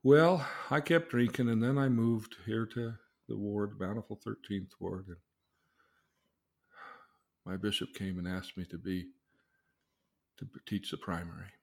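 Teaching his daughter, a middle-aged father shares a personal story as a religious lesson, posing questions earnestly and voicing the people he quotes. He speaks in a lowish, gravelly, slightly mellow voice at a measured pace, pausing often.

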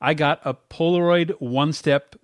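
A man's voice: a little high, steady tone, moderate pace, no room sound. Thirtysomething guy telling a story all eager, dry close sound. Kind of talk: casual chat.

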